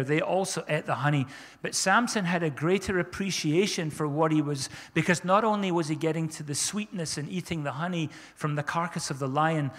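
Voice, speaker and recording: A man's voice: on the high side, a bit bright, big-room sound. A man preaching a sermon as pastor, fervent and repeating his phrases for emphasis.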